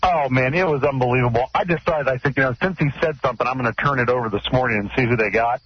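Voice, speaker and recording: A man calling in to a radio show, excited and rambling as he tells his story. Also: medium pitch, racing, slight background noise. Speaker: caller. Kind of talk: phone-in chat. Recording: dull lo-fi radio audio.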